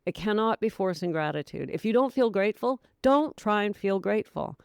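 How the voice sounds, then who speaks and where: Speaking at medium pitch with vocal fry, the sobriety coach sounds clear and resonant, animated and slightly quick. Her solo podcast talk is casual and supportive, punctuated by frequent laughter, captured dry in a studio.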